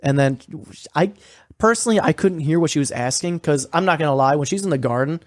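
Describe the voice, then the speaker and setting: A man's voice: on the high side, fast, no room sound, studio quality. A man co-hosting a podcast, recapping a horror series in casual, profane, rambling talk full of fillers. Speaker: podcast co-host.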